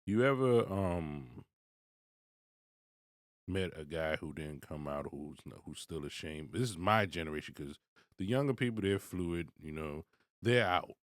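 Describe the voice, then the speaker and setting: Animated, blunt man ranting. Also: unhurried, dry recording, clean studio sound. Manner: animated, swings from low mutter to loud high outbursts; blunt and profane. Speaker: commentator. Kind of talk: ranting commentary.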